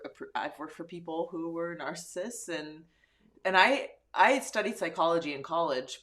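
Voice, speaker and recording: Lady guest w a lower voice, lots of ums and laughs, just chatting. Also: a bit bright. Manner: rambling, many fillers and laughs. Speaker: podcast guest. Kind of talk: casual chat.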